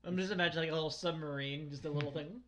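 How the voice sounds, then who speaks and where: Man, fairly high voice, loose joking chat, lots of filler words. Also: fairly even intonation, very fast, fairly bright tone. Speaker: podcast co-host. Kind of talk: casual book-discussion chat.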